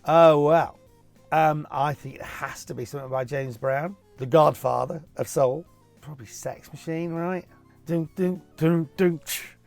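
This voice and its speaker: A man's voice: on the high side, steady tone, moderate pace, creaky, soft background music. A cheerful middle-aged man hosting a casual Q&A, reading out viewer questions and answering them in a jokey, chatty way. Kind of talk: casual Q&A video.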